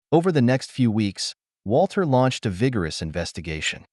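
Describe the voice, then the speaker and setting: A man's voice: medium pitch, very animated, moderate pace, few pauses, darkish tone, no echo, studio quality. A man narrating a dramatic audio story in a scripted storytelling style.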